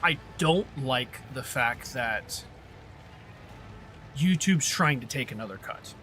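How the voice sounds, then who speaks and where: A man's voice: mid-range voice, expressive, slow pace, bright, forceful tone, slight background noise. A man streaming a game, chatting casually with his viewers in a rambling way, often trailing off and restarting. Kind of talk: casual livestream chat while gaming.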